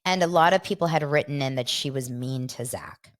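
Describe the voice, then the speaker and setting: A woman hosting a casual gossip podcast, telling a story with lively retelling of who said what. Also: brisk. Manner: animated storyteller, acts out quotes in a higher voice. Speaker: podcast host.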